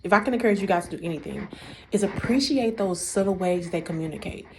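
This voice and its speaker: A young woman, talking about faith and marriage in a casual preaching way, animated and full of repeats. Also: medium pitch, fast talker, noisy background.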